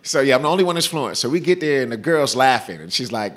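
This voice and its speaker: Dude from california telling funny stories, super laid back, lots of slang. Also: male voice, mid-range voice, fast talker, hardly any pauses. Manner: laid-back, slangy, animated when quoting people. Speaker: comedian and actor. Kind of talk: casual storytelling chat.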